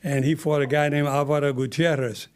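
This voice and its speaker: A man with a slightly high voice hosts a casual interview. He asks his guest plain, direct questions. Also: little pitch movement, fairly quick, darkish tone, clear, resonant tone. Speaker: interview host.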